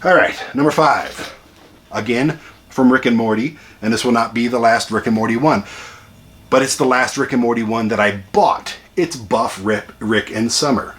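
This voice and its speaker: A man hosting a casual home vlog, chatty and excitable with rambling asides. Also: mid-range voice, a little hiss or hum. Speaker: channel host ranking toy collection. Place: home room with a TV.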